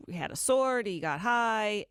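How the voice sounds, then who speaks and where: A woman co-hosting a morning radio show, reading news items in a brisk, chatty way from a studio microphone. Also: medium pitch, expressive, fairly bright tone, clean tone, no echo. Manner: brisk newsy delivery, quick laughs. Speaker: radio co-host.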